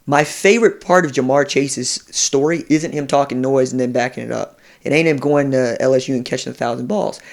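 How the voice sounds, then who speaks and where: A man in a casual sports podcast chat, telling recruiting stories with animated energy and slipping into quoted voices. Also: medium pitch, fairly quick, creaky. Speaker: college football recruiting analyst.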